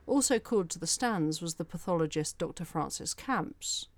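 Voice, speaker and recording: A woman hosting a podcast, reading a scripted true-crime story in a measured, even way with careful detail. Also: fairly low pitch, no echo. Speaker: podcast host.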